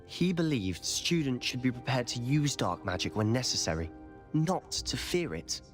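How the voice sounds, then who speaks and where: A man's voice: medium pitch, very animated, moderate pace, close to an everyday voice. An actor voicing an earnest young male wizard student who explains things eagerly in video game dialogue. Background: faint game music.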